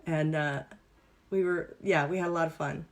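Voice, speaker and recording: A woman's voice: low voice, steady tone, normal speed. Upbeat woman coaching a live workshop. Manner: upbeat, playful, instructive. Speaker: wellness and business coach. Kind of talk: live online workshop teaching exercises.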